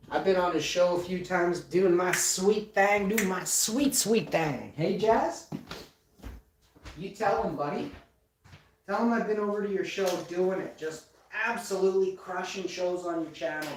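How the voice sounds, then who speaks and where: A man hosting a casual livestream, bantering and boasting to viewers in the chat. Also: sits high. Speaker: livestream host. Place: indoor room with ring light. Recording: roomy echo, far from mic, faint noise.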